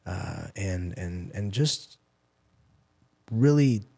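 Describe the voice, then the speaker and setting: A man's voice: low-pitched, animated, extremely slow, creaky, warm tone. A man in his forties, a former fighter turned coach, telling candid, profane stories in an interview. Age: 40s. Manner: candid, profane, storytelling with quoted asides.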